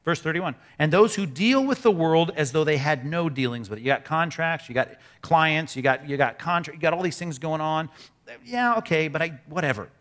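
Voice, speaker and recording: A male pastor delivers a sermon in a lively, chatty manner, tossing quick asides to the congregation. His voice is pitched fairly high.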